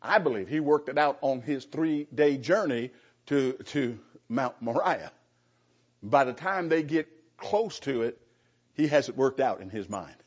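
Husky-voiced man teaching a Bible class. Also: a little high, darkish tone, highs cut off. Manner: earnest, emphatic, questions the class.

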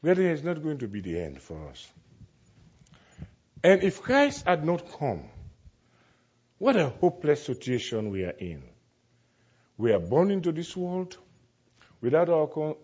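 Male preacher, emphatic, high-ish voice, drawn-out stressed words, muffled lo-fi sound. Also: sing-song. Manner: emphatic, swings from loud declaiming to quiet asides; slows down to stress key words. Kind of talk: sermon.

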